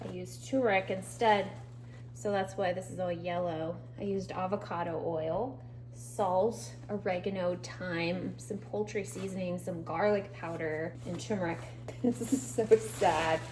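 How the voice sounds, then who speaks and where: A woman's voice: fairly low pitch, steady tone, measured pace, darkish tone, slight background noise. A tired woman talking in a casual video diary from her home kitchen, rambling and emotional, laughing through sadness. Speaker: vlogger recovering from surgery.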